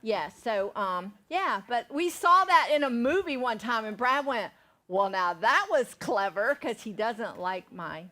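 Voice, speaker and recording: Southern woman, middle-aged, slightly high voice, folksy cooking demo chatter. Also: expressive, measured pace, few pauses, pushed and bright. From Savannah, Georgia, USA. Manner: chatty, folksy, checks in with "okay?". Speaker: cooking class instructor. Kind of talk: live cooking demonstration.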